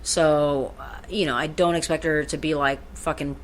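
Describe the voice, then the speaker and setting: A woman's voice: low voice, steady tone, moderate pace. A woman co-hosting a podcast in casual chat, rambling and swearing freely. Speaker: podcast co-host.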